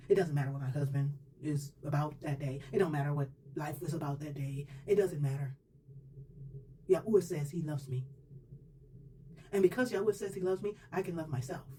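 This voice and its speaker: A woman's voice: deep voice, warm tone. A woman giving a personal faith testimony in a colloquial, emphatic storytelling manner. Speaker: testimony speaker. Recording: distant mic with faint background noise.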